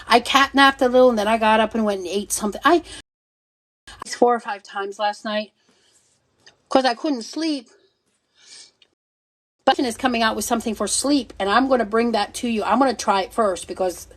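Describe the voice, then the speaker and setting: A middle-aged woman who sells and hosts on livestreams chats with her viewers casually, bluntly and energetically, swearing freely and laughing often. Her voice is high and bright.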